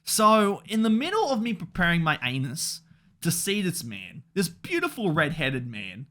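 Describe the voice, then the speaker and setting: A young man hosting a reaction video, talking excitably, swearing and swinging between shouting and calm. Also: on the high side, normal speed. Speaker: anime reaction channel host.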